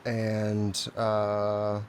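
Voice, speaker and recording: A man playing a tabletop game, thinking out loud slowly and deliberately about his turn. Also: lowish voice, monotone, a little hiss or hum. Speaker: player.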